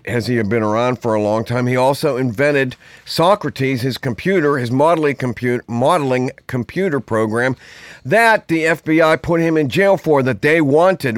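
In clean studio sound with no echo, a podcast host with a mid-range voice talks in a rambling, conversational monologue. He wanders into asides, leans on fillers, and leaves thoughts unfinished.

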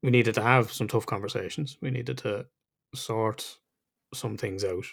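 A man's voice: fairly low pitch, steady tone, a little slow, gravelly, a bit bright, husky. A middle-aged man, hosting a podcast in casual chat, candid and reflective, swearing freely. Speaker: podcast host.

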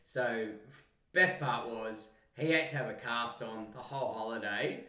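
An Australian man and podcast co-host telling an animated, sweary story in casual chat. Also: mid-range voice, measured pace, far from the mic. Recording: roomy sound, mic set back.

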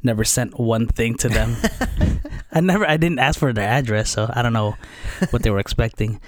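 A man's voice: mid-range voice, normal speed, no room sound, clean studio sound. A man from the Philippines, chatting casually and telling a childhood story with laughs. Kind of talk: casual conversation.

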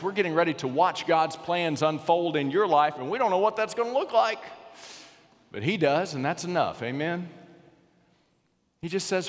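A man preaching a sermon as pastor, swinging between loud exclamations and hushed, drawn-out lines. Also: mid-range voice. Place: church sanctuary. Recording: long reverb of a large church.

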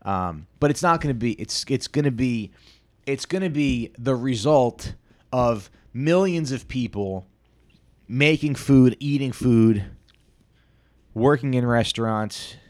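A man in his thirties hosting a solo podcast, rambling crudely and self-deprecatingly with many halting restarts. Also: medium pitch, expressive, darkish tone. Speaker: podcast host.

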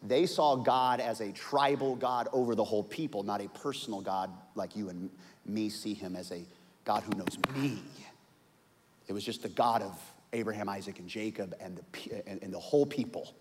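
A man preaching a sermon in an animated way, acting out the voices of the people in his story. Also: fairly low pitch, moderate pace, long reverb tail, a little hiss or hum. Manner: animated, acts out quoted voices. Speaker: pastor.

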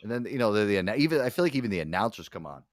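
Deep-voiced man, lively casual podcast host. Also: racing, no echo, clean studio sound. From Connecticut. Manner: animated, swears a lot, acts out other voices. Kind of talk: casual chat.

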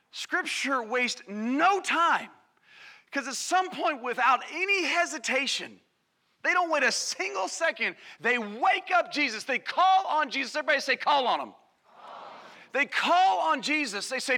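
A man preaching a sermon to a congregation, energetic and calling on the crowd, acting out quoted voices. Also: extremely high pitch, measured pace. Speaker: pastor. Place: church service.

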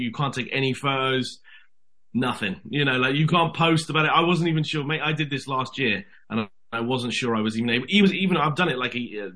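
A British man chats as an interview guest, spinning animated backstage stories with a friendly "mate" here and there. His voice sits at a middle pitch and has a bright, forward edge. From Britain. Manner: animated storyteller, says "mate". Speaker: actor guest. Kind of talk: casual interview chat.

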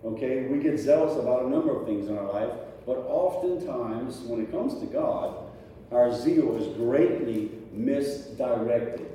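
A man's voice: medium pitch, a little slow, warm tone, distant mic, a little hiss or hum. A man preaching a sermon to his congregation in a casual, conversational way, often checking in with rhetorical questions. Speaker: pastor. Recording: echoey hall picked up from afar, faint ambience.

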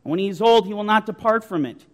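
A man delivers a sermon in a high-pitched voice at a quick pace, emphatically driving each point home as his tone swells with conviction. He keeps pressing his listeners with rhetorical questions.

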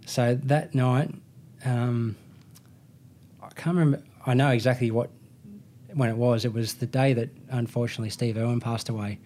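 A man's voice: medium pitch, steady tone, moderate pace, mellow, slight background noise. An Australian man in his thirties, a motorcycle racer telling a rambling story in casual chat, full of slang and restarts. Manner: rambling, self-correcting anecdote with slang.

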